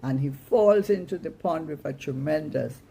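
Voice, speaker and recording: A woman reading a short story aloud in an expressive storytelling manner. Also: low-pitched, normal speed, husky. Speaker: story reader.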